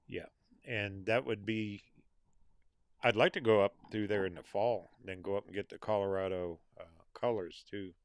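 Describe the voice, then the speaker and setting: A man's voice: on the low side, steady tone, moderate pace, clean tone, no room sound. A middle-aged American man hosting a casual livestream, reading out viewer names and comments in an easygoing, folksy way. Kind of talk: casual live chat.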